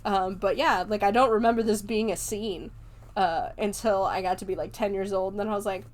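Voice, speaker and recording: A woman's voice: medium pitch, fairly even intonation, fairly quick. A young woman hosting a podcast, chattily recapping a movie with lots of fillers and casual swearing. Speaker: podcast host.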